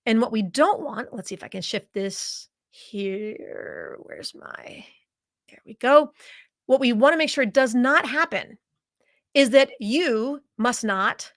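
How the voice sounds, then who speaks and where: A woman's voice: a little high, expressive, slow, a bit bright. A woman who hosts a podcast and coaches speakers, giving a live webinar. She talks in a direct, conversational way and repeats key points for stress.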